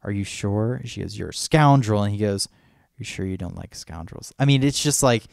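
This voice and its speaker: A man's voice: lowish voice, moderate pace, creaky, darkish tone, dry recording, studio quality. A man co-hosting a podcast, chatting casually and enthusiastically, rambling and acting out movie lines. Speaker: podcast co-host. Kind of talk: casual fan chat.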